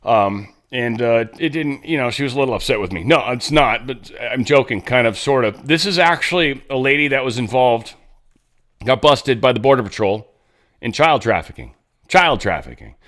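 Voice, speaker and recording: A man's voice: mid-range voice, normal speed, fairly bright tone. A man hosting a commentary show, rambling casually about headlines with sarcastic asides. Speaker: show host.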